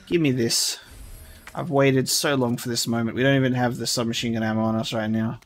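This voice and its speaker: Man, gaming commentary, casual, swears a lot, mid pitch. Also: moderate pace. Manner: swears often, laughs and shouts at scares. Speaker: gaming streamer. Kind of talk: casual let's play commentary.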